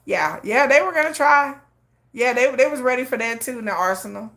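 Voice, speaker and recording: A woman's voice: a little high, animated, a little fast, vocal fry, a bit bright. A woman hosting a casual livestream, talking emphatically, often repeating herself and laughing. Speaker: livestream host.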